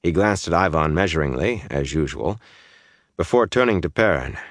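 A man reading a fantasy novel aloud as an audiobook narrator, in a measured, even way. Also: deep voice, no echo, studio quality. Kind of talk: scripted narration.

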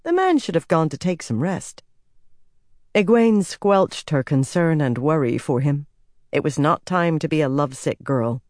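An audiobook narrator reading a fantasy novel in a steady, even storytelling manner. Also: medium pitch, a little slow, dry recording, clean studio sound.

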